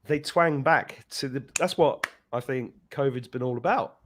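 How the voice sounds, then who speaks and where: The podcast host here has a medium-pitched voice at normal speed, with a little hiss or hum on the audio. He's animated and casual, performing the voices of people in the story he tells.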